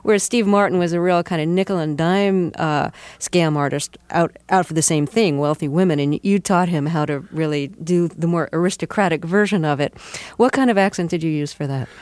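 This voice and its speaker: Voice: medium pitch, a little fast, hardly any pauses, darkish tone, no echo. An interviewer asking an actor about his work, admiring and stumbling over repeated words. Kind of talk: interview questions.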